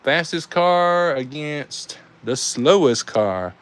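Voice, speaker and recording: Southern guy hyped up calling hot wheels style races, kinda high voice, takes his time. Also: slow pace, clean tone. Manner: excitable, calls out race times, says y'all. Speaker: die-cast race host and commentator. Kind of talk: live race commentary.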